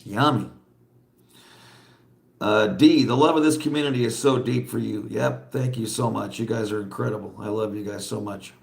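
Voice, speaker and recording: A man's voice: lowish voice, moderate pace, creaky, echoey room. A man hosting a casual livestream, chatting bluntly and rambling, laughing often and reading viewer comments aloud. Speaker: livestream host.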